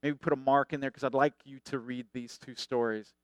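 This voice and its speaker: A middle-aged man preaching a sermon as a pastor, conversational and animated, acting out the people he quotes. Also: mid-range voice, a little fast, smooth, dry recording.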